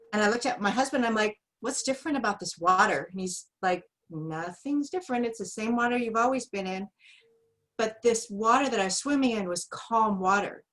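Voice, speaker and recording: A woman's voice: medium pitch, a bit bright, low-quality recording. A woman on a video call sharing in a support group, chatty and rambling with many fillers. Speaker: group member.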